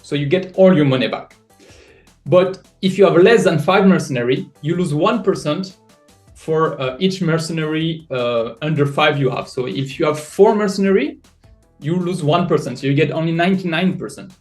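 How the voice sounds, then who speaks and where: A man with a French accent explaining a project in a live audio chat, halting with many fillers and restarts. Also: a little high, soft background music. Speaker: NFT project creator.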